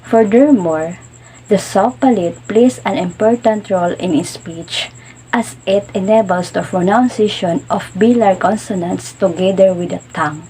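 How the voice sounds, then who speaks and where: A woman's voice: medium pitch, a little slow, dark tone, slight background noise, poor audio. A woman continuing a classroom lecture, reading definitions plainly. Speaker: student teacher.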